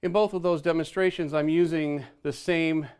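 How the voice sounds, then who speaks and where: A man's voice: on the high side, fairly even intonation, moderate pace, a little mellow, clear, resonant tone. A man teaching foot technique on the drums, explaining step by step and counting beats and singing out rhythms aloud. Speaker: drum teacher. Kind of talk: instructional drum lesson. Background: faint drums and click track.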